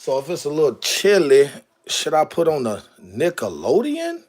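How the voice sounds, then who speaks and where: A man's voice: on the high side, wildly swooping pitch, moderate pace, a little mellow. A man chatting casually on a live stream, exclaiming to himself as he goes through jerseys. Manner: drawling, exclaiming to himself while sorting jerseys.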